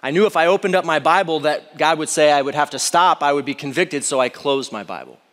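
A man's voice: a little high, fast, a bit bright, long reverb tail. A man sharing a personal testimony with an audience. He speaks earnestly and confessionally, sometimes hesitant.

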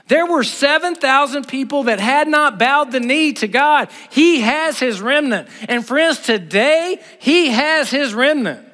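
A man's voice: very high-pitched, animated, a little slow, few pauses, sharp tone. Emphatic middle-aged man preaching in a hall. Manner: emphatic, blunt and conversational. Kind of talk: sermon. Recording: reverberant hall.

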